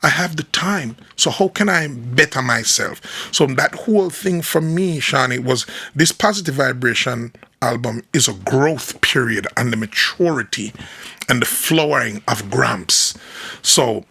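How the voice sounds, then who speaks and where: Jamaican musician guest, raspy gravelly voice, bright forceful tone, animated storyteller. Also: male voice, mid-range voice, a little slow. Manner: animated storyteller, mimics people he quotes. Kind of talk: casual interview chat.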